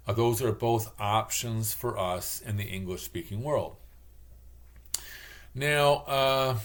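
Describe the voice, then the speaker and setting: A man from Michigan with a Michigan accent, rambling in a casual, digressive monologue and acting out the voices he quotes. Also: mid-range voice. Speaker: channel host.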